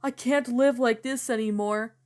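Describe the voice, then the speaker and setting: A woman voicing a grieving mother who speaks in a sorrowful, quiet way. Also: on the high side, steady tone, normal speed, natural voice.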